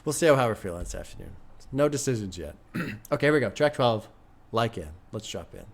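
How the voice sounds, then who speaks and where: A man's voice: fairly low pitch, lively intonation, fast talker, creaky, noisy background. A man streaming his music reactions, talking casually and candidly with some swearing and short rants, and mentioning his son. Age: adult with a son. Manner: candid, profane, chatty, breaks into brief rants. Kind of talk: casual live-stream commentary.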